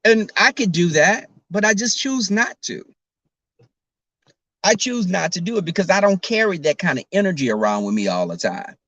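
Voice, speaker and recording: Sassy high-voiced man chatting on a livestream. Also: sing-song, normal speed, a bit bright, dry recording. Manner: chatty, sassy, talks straight to viewers. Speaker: YouTuber. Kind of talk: casual livestream chat. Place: in a car while driving.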